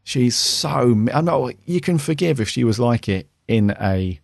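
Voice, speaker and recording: A man's voice: medium pitch, animated, measured pace, creaky, dry recording, studio quality. A man co-hosting a podcast, talking casually and rambling with many "you know"s. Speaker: podcast co-host. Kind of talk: casual review chat.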